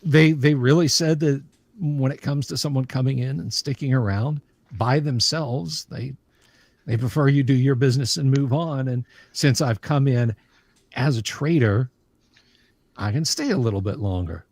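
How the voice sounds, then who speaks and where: A man voicing a friendly lone male trader who wanders alone, folksy and quick to repeat himself. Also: medium pitch, darkish tone, dry recording, close to an everyday voice. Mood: eager.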